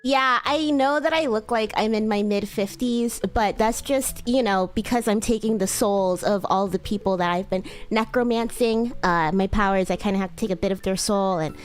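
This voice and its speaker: A woman's voice: medium pitch, normal speed, few pauses, faint music behind. A woman streamer chatting casually while role-playing, giggly and laughing often.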